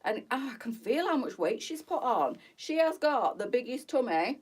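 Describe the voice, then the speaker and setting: A chatty British woman hosting a relaxed live stream, rambling from one tangent to the next. She sits a little back from the mic, so her voice sounds slightly distant. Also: a little high, moderate pace, slightly rough. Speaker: boutique live-stream host. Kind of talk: casual live-stream chat.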